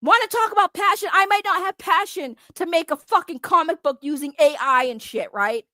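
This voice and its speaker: A woman's voice: very high voice, a little fast, bright, forceful tone, no echo, clean studio sound. A woman giving a heated, profane, confrontational rant to camera, repeating her points for emphasis. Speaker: online commentator. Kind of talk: heated ranting vlog.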